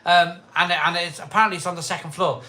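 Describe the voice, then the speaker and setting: A man's voice: high-pitched, fairly even intonation, quick pace. Rambling, tipsy man on a live stream. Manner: chatty, rambling, repeats himself, loud cheery greetings. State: tipsy from a pint or two. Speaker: host of a live craft beer stream. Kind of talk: casual live-stream chat.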